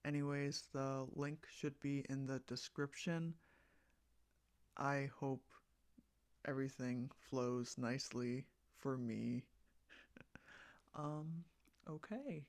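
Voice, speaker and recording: A man's voice: mid-range voice, fairly even intonation, slow, long pauses, no room sound. An American man rambling casually about a casting call, hesitant and full of fillers and restarts. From United States. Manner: meandering, hesitant, with many fillers and self-corrections. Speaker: fan project creator running a voice casting call.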